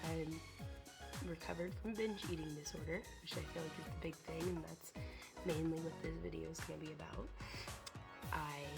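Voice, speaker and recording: A young woman vlogging in a casual, rambling way, her voice hoarse and congested from a cold. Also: low voice. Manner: rambling, chatty, trailing off into fillers. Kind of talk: casual chat to camera.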